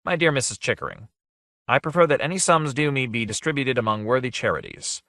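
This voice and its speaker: A cunning gentleman speaks in smooth, courteous tones, voiced by a man reading a storybook. He stays mild and polished, with a lively lilt. The recording is close and dry. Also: medium pitch, fairly quick, no echo, voice pushed up. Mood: suave. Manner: suave and mild.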